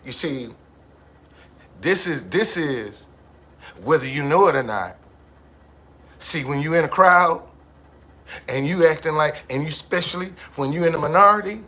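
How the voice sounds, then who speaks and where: Profane, emphatic man with bright voice. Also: a little high. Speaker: street musician. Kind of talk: casual monologue.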